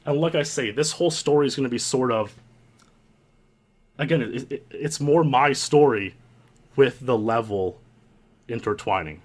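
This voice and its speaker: A young man hosting and narrating his own story in an earnest, halting way, often restarting his sentences. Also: medium pitch. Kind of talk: reflective storytelling commentary.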